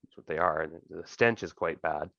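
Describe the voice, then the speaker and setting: A man with a very low voice runs a tabletop game as game master, narrating in a relaxed, rambling way. The sound is dry and dull, like a computer mic on an online call. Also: moderate pace, gravelly, no room sound.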